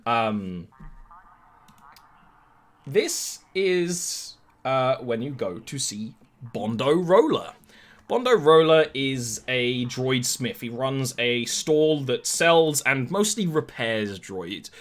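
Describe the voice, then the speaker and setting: A man's voice: medium pitch, big pitch swings, takes it slowly. A man narrating as game master of a tabletop game, with easygoing, rambling descriptions full of fillers.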